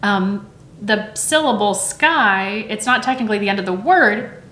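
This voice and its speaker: A woman's voice: medium pitch, lively intonation, a little slow, a bit bright, reverberant. Chatty woman teacher explaining phonics. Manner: conversational, frequent "right?" checks, demonstrates sounds aloud. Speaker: teacher and educator.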